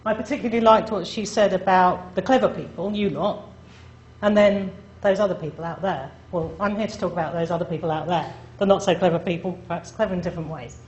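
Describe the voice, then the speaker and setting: A woman's voice: on the low side, fast talker, darkish tone, highs cut off. Woman presenting in an echoey room. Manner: chatty, self-deprecating, addresses audience directly. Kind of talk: conference presentation. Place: lecture room. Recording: echoey room with faint noise.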